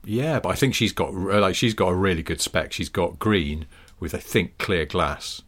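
A man's voice: low-pitched, moderate pace, a bit bright. A man, co-hosting a casual podcast and telling anecdotes with dry banter. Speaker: podcast co-host. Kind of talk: casual chat.

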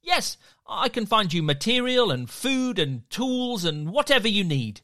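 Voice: mid-range voice, sing-song, unhurried, pushed and bright, voice pushed up. A storyteller voicing a kind, curious young schoolgirl in a children's story, friendly and reassuring. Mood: eager.

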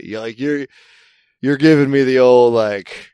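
A man's voice: mid-range voice, moderate pace, darkish tone, no echo, clean studio sound. A man with a Mid-Atlantic American accent, telling rambling, wry stories in casual chat with a co-host. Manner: rambling storyteller, wry and self-amused. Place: California.

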